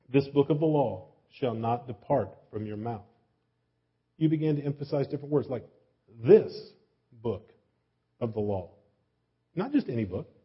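A man with a mid-range, slightly breathy voice preaches a sermon in a folksy, self-deprecating style, putting many questions to his listeners. The lo-fi recording sounds slightly dull.

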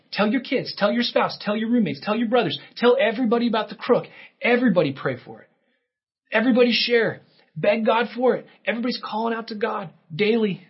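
A man's voice: sits high, husky, dull audio. A male pastor preaching a sermon, telling stories and acting out the characters' voices. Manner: storytelling with acted-out character voices.

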